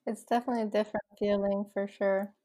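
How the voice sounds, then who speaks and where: A woman hosting a casual interview, speaking in a relaxed, reflective way. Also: mid-range voice, quick pace.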